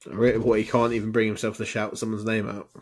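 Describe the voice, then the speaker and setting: A man's voice: fairly low pitch, level tone, brisk, a little mellow. A man with an English accent co-hosting a podcast, chatting casually in a mumbling, sweary banter. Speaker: podcast co-host. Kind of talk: casual chat.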